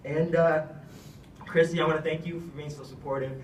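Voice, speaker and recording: A man's voice: fairly high pitch, fairly even intonation, a little fast, a little hiss or hum. A young man giving a heartfelt, rambling thank-you speech with many fillers. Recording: echoey room, speaker far from mic.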